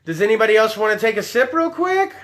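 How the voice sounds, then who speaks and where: A man's voice: sits high, very animated, quick pace, fairly bright tone. A man hosting a live-streamed show, talking in a loose, tipsy, heavily profane way. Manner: rowdy, tipsy, swears a lot. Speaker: podcast host.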